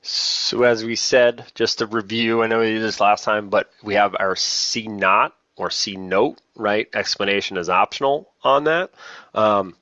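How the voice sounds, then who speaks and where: A man's voice: lowish voice, a little slow, pushed and bright, no room sound, lo-fi sound. A man training new lacrosse officials in a casual, self-deprecating way, often repeating key points. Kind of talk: casual online training talk.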